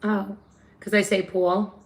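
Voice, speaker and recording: A woman's voice: medium pitch, little pitch movement, slow. A woman with a New York accent hosting a casual livestream, chatting with viewers and answering their comments. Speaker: livestream host.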